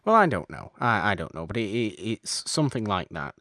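A man's voice: on the low side, big pitch swings, brisk, bright, forceful tone, no echo, studio quality. A man hosting a casual podcast chat, rambling and correcting himself as he talks, with frequent chuckles. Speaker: podcast host.

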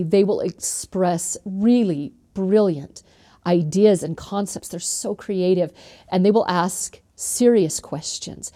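A woman's voice: fairly low pitch, measured pace, warm tone, no room sound, clean studio sound. A middle-aged woman from northern Utah, an author being interviewed, telling stories earnestly with frequent ums. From northern Utah, USA. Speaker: author guest. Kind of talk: interview storytelling.

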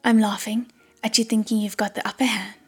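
A woman's voice: medium pitch, little pitch movement, a little fast, soft background music. A woman voicing a proud, doomed older brother and water god in a whispered role-play. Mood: mocking. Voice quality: breathy whisper.

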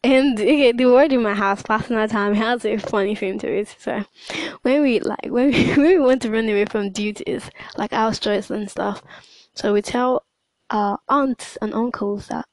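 Hesitant woman with a high-pitched voice. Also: normal speed, dry recording, poor audio. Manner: hesitant, many fillers and restarts. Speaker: podcast host. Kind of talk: casual spoken monologue.

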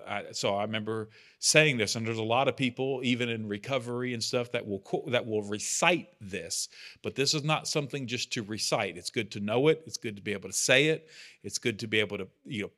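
A man's voice: mid-range voice, a bit bright. A man leading a church study group, talking casually and earnestly, with self-deprecating asides. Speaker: bible study leader. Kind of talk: casual teaching talk.

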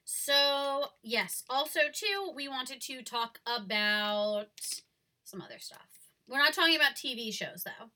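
A young woman co-hosting a casual podcast, chatty and rambling, quick to laugh. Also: sits high, expressive, sharp tone, slight background noise. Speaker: podcast co-host. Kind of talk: casual chat.

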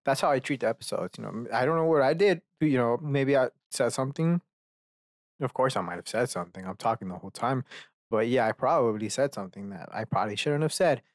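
A man hosting a solo podcast in a loose, rambling way, swearing freely and wandering off topic. His voice sits at a middling pitch for a man. It is recorded close on a podcast mic with a dry, dead sound. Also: brisk, no echo. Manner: rambling and profane, self-mocking asides. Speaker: podcast host.

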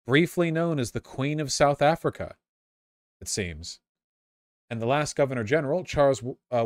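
A man's voice: medium pitch, expressive, moderate pace, no echo. A man reading a history text aloud and breaking off into casual, sarcastic asides, often stumbling and repeating words.

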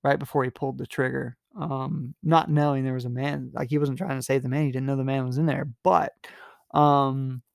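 A man's voice: medium pitch, steady tone, moderate pace, creaky, no room sound, studio quality. A young man hosting a podcast, casually recapping a novel in a rambling, amused way with lots of fillers. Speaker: podcast host. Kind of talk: casual book recap with readings.

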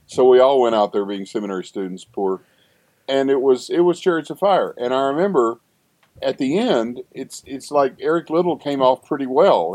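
A man's voice: medium pitch, dark tone, no room sound. An older man, a seminary professor, talking in a rambling conversational interview with frequent restarts and asides.

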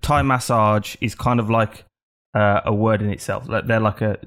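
A man's voice: fairly low pitch, fairly even intonation, normal speed, fairly bright tone. A man hosting a casual podcast chat, talking bluntly with lots of swearing and rambling asides. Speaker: podcast host.

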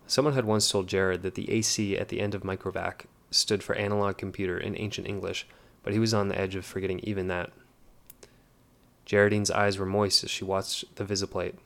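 Deep, flat-voiced male narrator. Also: creaky. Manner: measured, even. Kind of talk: scripted audiobook narration.

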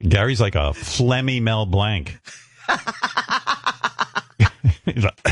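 A man's voice: fairly low pitch, expressive, a little slow, no echo, studio quality. Blunt, storytelling radio host, man. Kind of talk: casual radio talk.

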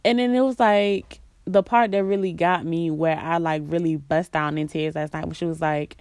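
A young woman pours out a candid, confessional monologue, leaning on filler words and dropping swears without pause. Her voice sits a touch on the low side. The sound is close and dry, with no room around it. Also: steady tone, a little mellow, no room sound. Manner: candid and raw, heavy filler "like", swears freely; sings snatches of songs between talking. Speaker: vlogger. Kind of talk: casual confessional chat.

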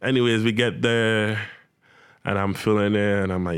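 A young man telling a comic personal anecdote in casual slang, animated and acting out his own reactions. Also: lowish voice, moderate pace, clear, resonant tone, no echo, studio quality. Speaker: storyteller.

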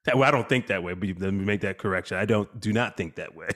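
A man in casual podcast chat, animated and laughing often, acting out what his kids said. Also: lowish voice, quick pace. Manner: animated storyteller, acts out quotes, laughs often.

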